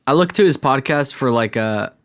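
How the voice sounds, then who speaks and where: A man's voice: medium pitch, expressive, moderate pace, a bit bright. A man hosts his own podcast with no co-host, drifting from one thought to the next. He talks in a loose, self-deprecating ramble full of fillers and restarts. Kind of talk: solo podcast monologue. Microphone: camera-recorded podcast setup.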